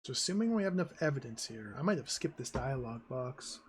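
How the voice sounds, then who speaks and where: A man's voice: mid-range voice, expressive, quick pace, slight background noise. A man streaming a game, musing aloud and trailing off as he plans his next steps. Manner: muses aloud, trailing off, talking to himself. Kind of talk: casual let's-play commentary.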